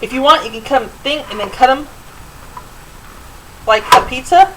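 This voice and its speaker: A woman's voice: high voice, expressive, normal speed, noisy background. A middle-aged woman hosting a home cooking show, chatting loosely with fillers as she demonstrates in her kitchen.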